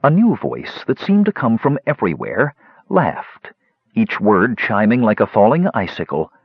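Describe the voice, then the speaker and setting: Husky, expressive male audiobook narrator. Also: fairly low pitch, measured pace, dry recording. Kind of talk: scripted fantasy narration. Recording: dry, dull lo-fi recording.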